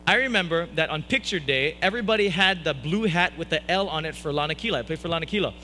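Brief: male preacher, high bright voice, self-mocking humor, church sermon. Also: animated, fast, slight background noise, poor audio. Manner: playful, self-mocking, jokey asides.

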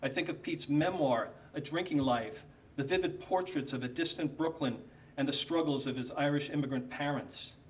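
A man reading a prepared humorous tribute aloud at an evening event, with dry, deadpan comic timing. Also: fairly high pitch, normal speed, far from the mic, slight background noise. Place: lecture hall.

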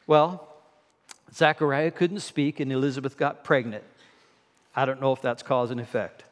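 A man's voice: medium pitch, fairly even intonation, normal speed, pauses often. A middle-aged man preaching a sermon in a church, conversational and wry, with filler words. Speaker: guest preacher. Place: church sanctuary. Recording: long reverb in a church hall.

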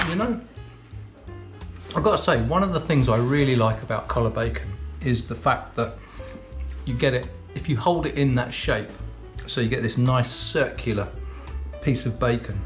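An eager man talks casually as he tastes his cooking and describes the flavours. His voice sits at a middle pitch, and his chatter runs on through mouthfuls. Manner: enthusiastic, chatty, talking while eating. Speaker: cookery teacher. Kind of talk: casual tasting chat to camera.

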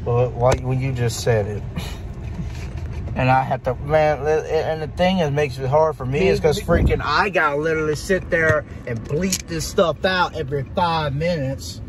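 A man's voice: on the high side, normal speed. A man hosting a casual vlog, easygoing and talking straight to the viewers as y'all. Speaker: vlog host. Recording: vlog audio with traffic noise.

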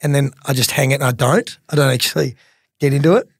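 A man's voice: medium pitch, fast, slightly rough, no room sound. Laid-back Australian man, dry close mic. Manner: laid-back, self-mocking, larrikin. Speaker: racing tipster and storyteller. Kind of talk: casual podcast chat, telling stories.

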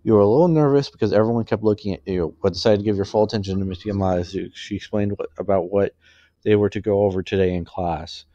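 Halting low-voiced man reading a story. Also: fairly even intonation, mellow, no echo, highs cut off. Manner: halting, self-correcting. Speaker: fanfiction reader.

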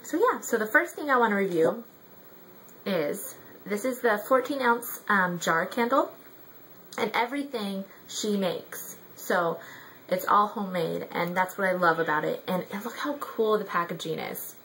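A woman's voice: mid-range voice, lively intonation, normal speed, a bit bright, a little hiss or hum, low-quality recording. A young woman chatting casually in a product review vlog, rambling with many ums and likes. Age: young adult.

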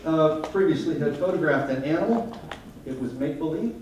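Speaking fairly quickly in a slightly high, expressive, somewhat mellow voice, a man delivers a wry, self-deprecating comic talk as a photographer to a live audience. The large hall echoes, the mic is far away, and there's a little hiss or hum.

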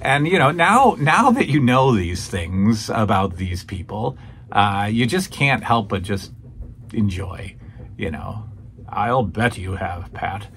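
A man's voice: lowish voice, very animated, takes it slowly, fairly bright tone, a little hiss or hum. A man hosting a show that reviews old wrestling broadcasts, chatting casually and rambling with many restarts and fillers. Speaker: podcast host reviewing old wrestling shows. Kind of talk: casual chat.

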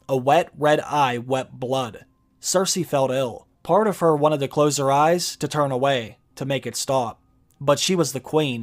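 A man narrating a video essay and reading a book passage aloud, measured and explanatory. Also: medium pitch.

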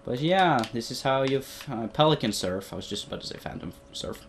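A man's voice: medium pitch, expressive, a little fast, slight background noise. A young man doing playful, rambling gameplay commentary in a put-on Australian accent, talking to the characters on screen. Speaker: gaming video host.

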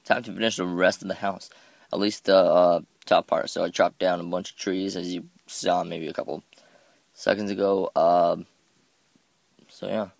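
Low, gravelly man rambling over gameplay. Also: flat delivery, moderate pace, no echo. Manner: rambling, self-mocking, stumbles over words. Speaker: gameplay commentator. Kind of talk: casual game commentary.

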